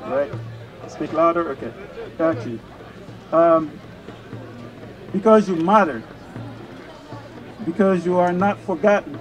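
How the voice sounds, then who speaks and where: Male organizer from Mali, slightly high voice, informal announcements outdoors over crowd noise. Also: slow, long pauses. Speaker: rally organizer reading out names. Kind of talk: casual announcements. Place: outdoor rally. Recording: outdoor rally with crowd and music.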